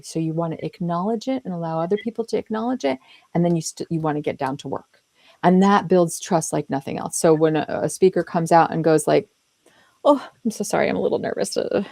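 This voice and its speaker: A woman's voice: on the low side, quick pace, vocal fry, dark tone, no room sound. A woman hosting a podcast conversation, talking earnestly and emphatically and acting out little quoted lines. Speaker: podcast host. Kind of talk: conversational interview talk.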